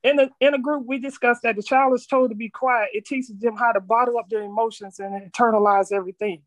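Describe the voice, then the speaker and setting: A woman's voice: on the high side, fairly even intonation, no room sound. Earnest woman reading her story aloud. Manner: earnest, measured reading with occasional stumbles. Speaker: speaker sharing her story. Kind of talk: reading a personal reflection aloud.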